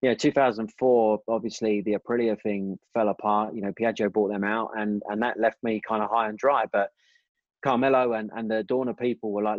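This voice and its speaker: A man's voice: on the low side, flat delivery, brisk, no echo. A man telling racing stories in a casual interview, rambling with many restarts. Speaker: guest, former motorcycle racer. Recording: dull dry sound.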